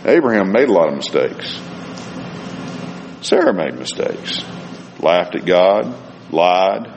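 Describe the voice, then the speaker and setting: A man's voice: low voice, very animated, takes it slowly, muffled recording, background noise. A man preaching a sermon and reading scripture aloud with rising and falling emphasis. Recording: reverberant hall with faint ambience.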